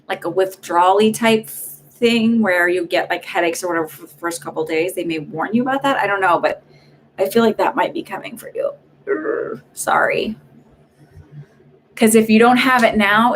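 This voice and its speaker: A woman's voice: mid-range voice, a little hiss or hum. A woman giving live psychic readings on a stream, talking in a rambling, chatty way with lots of fillers and restarts. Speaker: psychic medium doing paid readings.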